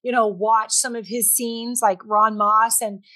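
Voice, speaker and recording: A woman from Canada with a fairly high voice chats as a guest. She retells conversations with quick asides in a casual, friendly way. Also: flat delivery, bright, forceful tone. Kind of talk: casual chat.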